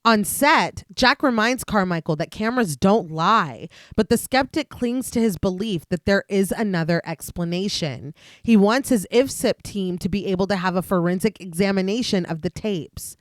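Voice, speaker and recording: Female podcast co-host, steady plot-recap narration, mid voice, dry sound. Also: mid-range voice, moderate pace, few pauses, no room sound.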